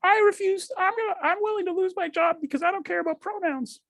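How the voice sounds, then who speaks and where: Man putting on a pompous older pundit, very high quavering voice, slow halting delivery. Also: gravelly, fairly bright tone, no echo, clean studio sound, heavily acted. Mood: defiant.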